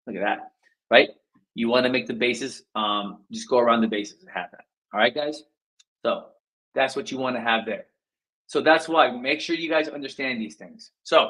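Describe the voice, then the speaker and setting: Energetic man coaching live, higher voice. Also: poor audio. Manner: energetic, addresses viewers directly, acts out phone scripts. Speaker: sales coach. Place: indoor livestream.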